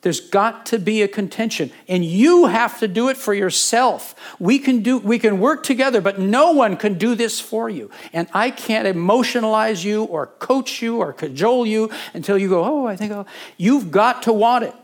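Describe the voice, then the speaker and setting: A man's voice: sits high, normal speed. Fervent man preaching a sermon. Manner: fervent, builds from quiet to urgent pleading; repeats phrases for emphasis. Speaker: pastor. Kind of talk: sermon with closing prayer.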